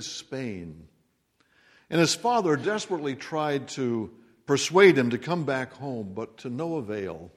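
Male pastor, mid-pitched, unhurried dramatic sermon delivery, church hall reverb. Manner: slow, dramatic preaching that swells to emphatic peaks. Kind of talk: Christmas sermon. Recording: long reverb of a large hall.

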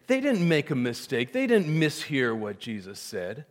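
A man preaching a sermon, swinging from hushed, intimate lines to loud, emphatic cries. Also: medium pitch, wildly swooping pitch, moderate pace. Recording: long hall reverb.

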